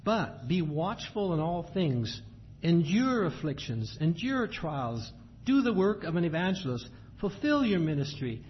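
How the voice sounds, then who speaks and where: A man preaches a sermon in a somewhat high, sing-song voice. He reads scripture with a measured cadence and then explains it in everyday words, and the dull, lo-fi recording has faint ambient noise.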